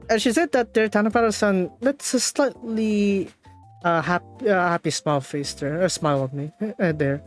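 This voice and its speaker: A woman streaming a game, reading the dialogue aloud and translating it, with halting speech full of fillers and restarts. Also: mid-range voice, soft background music.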